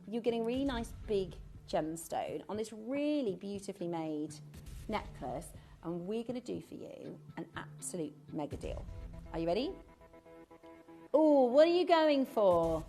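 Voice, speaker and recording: A woman chats through a live TV shopping segment with a bubbly, giggly ease. Her pitch swings widely as she talks, and soft music plays faintly behind her. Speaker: shopping channel presenter. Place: TV studio.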